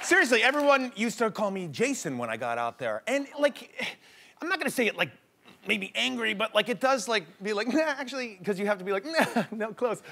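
A young male comedy host delivers an animated, jokey monologue, his voice high and bouncing all over the place. The tone is bright and forward. A faint audience and a little noise can be heard in the studio. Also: fairly quick, gravelly, some chatter behind. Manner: animated, jokey storytelling with laughs.

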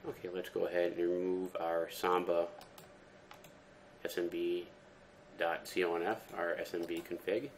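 A man giving a relaxed, step-by-step screen-recorded tech tutorial, talking through each command with fillers. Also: low-pitched, moderate pace, long pauses, slight background noise. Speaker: tutorial presenter.

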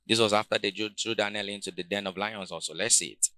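A man preaching a sermon, calling out questions to the congregation and swinging between quiet, low passages and loud shouts. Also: steady tone, fast, no room sound. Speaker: pastor.

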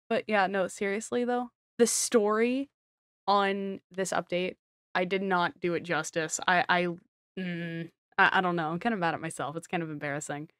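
A woman giving casual commentary on a video game, excitable and rambling, with giggles and self-deprecating asides. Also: on the low side, normal speed, smooth, no room sound, clean studio sound. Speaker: gaming streamer.

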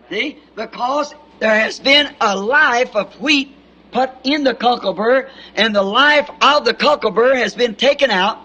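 A man's voice: very high voice, sharp tone. A man with a Southern American accent preaching a sermon in a folksy, storytelling way, recorded on an old 1960s tape. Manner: folksy anecdotes with repeated "See?". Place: church meeting with congregation.

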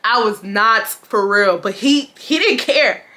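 A woman in her twenties from Houston, telling a storytime vlog in a dramatic, animated way, laughing often and talking straight to her viewers. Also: mid-range voice, takes it slowly. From Houston, Texas. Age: 20s. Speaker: vlogger.

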